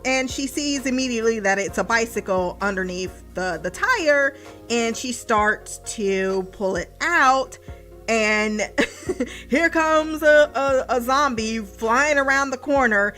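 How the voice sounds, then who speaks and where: A woman's voice: on the high side, slow, fairly bright tone, soft background music. A young woman recapping a TV episode in casual podcast chat, laughing often, swearing and mimicking the characters.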